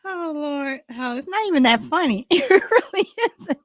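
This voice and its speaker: A woman's voice: high-pitched, lively intonation, moderate pace, no echo. A woman hosting a casual live chat show, rambling with many restarts and fillers. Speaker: host.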